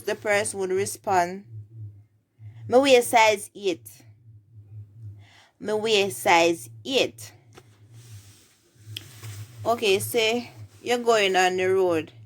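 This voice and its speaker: A woman with a Jamaican accent teaching everyday phrases, saying each example twice. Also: medium pitch. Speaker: language teacher.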